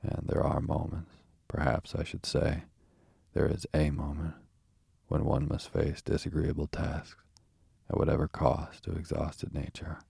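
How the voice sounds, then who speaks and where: A man's voice: a bass voice, little pitch movement, measured pace, creaky, warm tone, slightly rough, no room sound, clean studio sound, exaggerated voice. A man reading the part of a self-pitying toad who murmurs weakly from his sickbed. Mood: feeble. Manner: languid, murmuring, weak.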